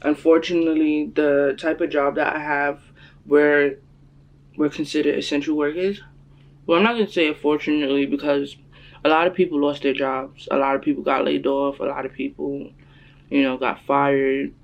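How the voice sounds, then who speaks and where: A woman's voice: normal speed, gravelly, highs cut off. A young woman, telling a personal story to her camera in casual chat, acting out what people said. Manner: animated, acts out quotes in a higher voice. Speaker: vlogger.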